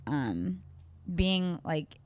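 A woman's voice: lowish voice, big pitch swings, drawn-out words. A young woman co-hosting a casual chat, musing on spiritual ideas and joking playfully. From Kansas. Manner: reflective, spiritual talk with playful jokes. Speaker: podcast co-host.

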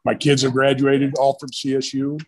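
A man's voice: mid-range voice, monotone, normal speed, slight background noise, poor audio. A middle-aged man, a retired football coach, telling long rambling anecdotes in a casual interview and acting out what others said to him. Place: brewery.

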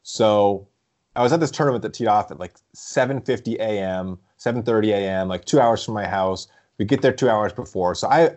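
A young man chatting casually as a podcast co-host, telling stories in a rambling, animated way with frequent laughs. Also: fairly low pitch. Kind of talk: casual chat.

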